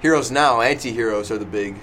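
A man hosting a casual podcast discussion, speaking in a halting way and filling his pauses with ums and small laughs. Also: medium pitch, a bit bright, a little hiss or hum. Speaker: podcast host. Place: small indoor room with a noisy fan.

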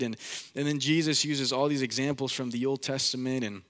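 Young male pastor, casual preacher, animated delivery with acted-out voices, mid-range pitch. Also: brisk. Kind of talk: sermon.

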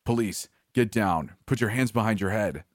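A man's voice: fairly low pitch, lively intonation, takes it slowly, husky, no room sound, clean studio sound, heavily acted. A man voicing a male police officer who barks orders in a story reading. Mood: commanding. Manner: barked orders.

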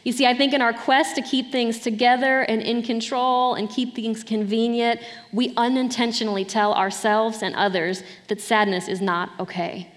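A woman's voice: fairly high pitch, flat delivery, moderate pace, hardly any pauses, big-room sound. A middle-aged woman pastor preaching a sermon in an earnest, conversational way, with light laughs between points.

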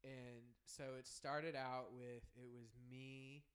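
A man's voice: medium pitch, flat delivery, slow pace, a bit bright. A man hosting a podcast, telling rambling stories in casual chat and laughing often. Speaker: podcast host.

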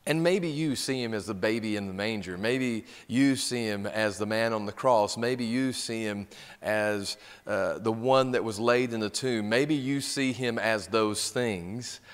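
A man's voice: fairly low pitch, a little slow. Man preaching a sermon in a reverberant hall. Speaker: pastor.

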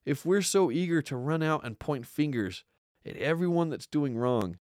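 A man's voice: fairly high pitch, expressive, normal speed, a little mellow, dry recording, studio quality. A man hosting a podcast, giving an earnest religious study talk and often repeating words as he stresses points. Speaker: podcast host teaching scripture.

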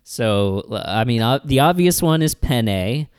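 A man's voice: mid-range voice, lively intonation, clean tone, dry recording, studio quality. A man co-hosting a comedy podcast, chatting in a playful, rambling way. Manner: playful, rambling, quick to joke. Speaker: podcast co-host. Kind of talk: casual comedic chat.

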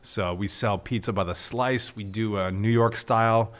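A man's voice: lowish voice, fairly even intonation, normal speed. A man, a restaurant owner, talking casually on a podcast, laid-back, with many fillers and some swearing.

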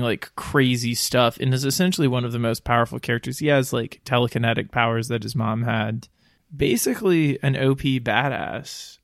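A man's voice: mid-range voice, no room sound, clean studio sound. A young man explaining comic-book lore on a podcast, rambling with lots of "like" fillers. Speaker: podcast panelist. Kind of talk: casual movie discussion.

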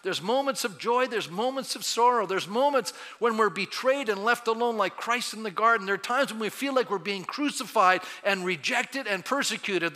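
Older male pastor, high bright voice, chatty sermon that swells to fervor, long church reverb. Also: moderate pace, few pauses. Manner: conversational, teasing the congregation, building to fervent. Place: church sanctuary.

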